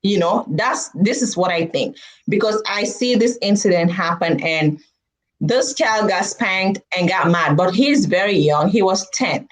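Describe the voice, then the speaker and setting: Woman vlogger telling a story to her viewers, animated, acts out everyone she quotes. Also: medium pitch, a little slow, poor audio. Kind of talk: storytelling commentary to camera.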